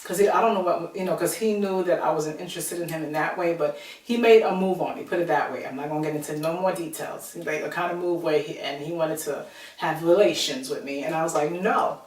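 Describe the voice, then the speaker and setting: A woman telling a personal story to her viewers in a chatty, animated way, acting out the people she quotes. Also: low voice, fast. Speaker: vlogger. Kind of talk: casual storytelling to camera. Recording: roomy echo, from a distance.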